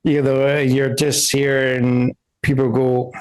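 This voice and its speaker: A man's voice: medium pitch, level tone, slow, clean tone. A man acting as game master, narrating a tabletop game in a loose, rambling way.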